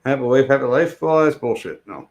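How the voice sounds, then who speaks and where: A middle-aged man talks casually to his live-stream chat. His voice sits at a middle pitch, and his talk wanders from one joke to the next, with plenty of profanity. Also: animated, brisk, vocal fry, a little mellow. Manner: rambling, profane, jokey.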